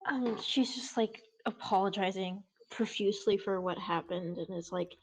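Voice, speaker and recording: A woman player speaking softly, hesitantly and apologetically in character. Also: mid-range voice, moderate pace, slight background noise. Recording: dull lo-fi audio.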